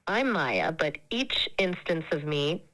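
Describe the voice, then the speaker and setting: A woman's synthetic AI assistant voice in casual chat, polite, measured and upbeat. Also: sits low, very animated, a bit bright, low-quality recording.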